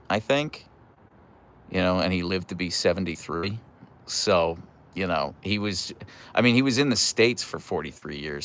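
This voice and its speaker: A man's voice: sits low, a bit bright. A man hosting a casual live stream, reading viewer messages and rambling through asides and restarts. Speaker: livestream host.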